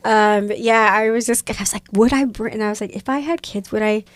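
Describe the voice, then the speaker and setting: A woman's voice: medium pitch, fairly quick, no room sound. A woman in her thirties, a podcast guest, chatting casually and animatedly, acting out voices in her stories. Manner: animated, mimics voices in anecdotes. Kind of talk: casual chat.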